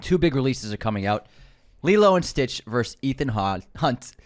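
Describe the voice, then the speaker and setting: A mid-pitched man chatting casually on a movie podcast, full of quick jokes and asides. He laughs easily and keeps the banter going. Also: big pitch swings. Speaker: podcast co-host. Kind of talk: casual movie news chat.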